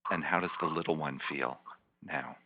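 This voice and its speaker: A man, a healing practitioner, leading a volunteer through slow guided imagery with soft, repetitive, soothing coaching. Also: very deep voice, fairly even intonation. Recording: dull lo-fi teleconference line.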